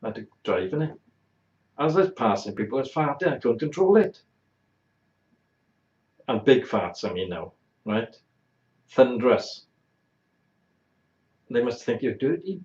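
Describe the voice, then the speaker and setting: A man's voice: mid-range voice, expressive, normal speed, pauses often, a little mellow. A man hosting a talk show, telling a blunt, exaggerated, bawdy comic anecdote. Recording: roomy, dull lo-fi sound.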